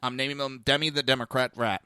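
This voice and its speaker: A man's voice: mid-range voice, level tone, fast, pushed and bright, clean tone, no echo, clean studio sound. A man hosting a podcast, telling a blunt, profane story in a casual monologue. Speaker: podcast host. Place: lives in Florida.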